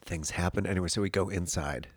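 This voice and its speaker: A man in casual chat, telling a story in an animated, breathless way, with bursts of laughter and swearing. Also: low voice, quick pace, slightly rough, no echo.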